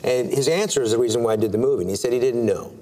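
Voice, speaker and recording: Animated storytelling man, studio interview. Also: mid-range voice, racing. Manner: animated, acts out dialogue with many "I'm like" quotes; filler-heavy, restarts often. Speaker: actor, interview guest. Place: TV studio, seated at a table.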